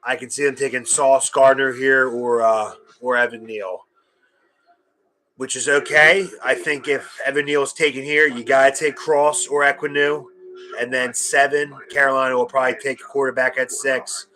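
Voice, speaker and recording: A young man reacting live as a nervous fan, talking anxiously and excitedly and repeating himself. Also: mid-range voice, moderate pace, a little hiss or hum, poor audio. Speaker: fan host reacting to draft.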